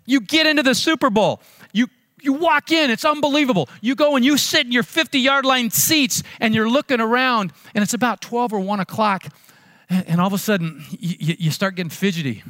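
Male pastor, high voice, dry close sound; chatty, storytelling sermon delivery. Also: fairly quick, sharp tone, no room sound. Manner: conversational storytelling, repeats words.

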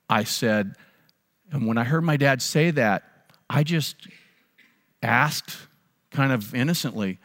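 In a church sanctuary, a man with a medium-pitched, slightly bright voice delivers a sermon as pastor. He shares a personal story with earnest feeling, leans on repeated phrases for emphasis, and frequently starts over. The recording has the long reverb of a large hall.

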